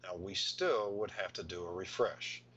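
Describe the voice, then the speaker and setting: Male software tutor, lowish crisp voice, walks through steps patiently, slightly muffled recording. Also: moderate pace, slight background noise. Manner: patient step-by-step explaining, thinking aloud. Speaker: software instructor.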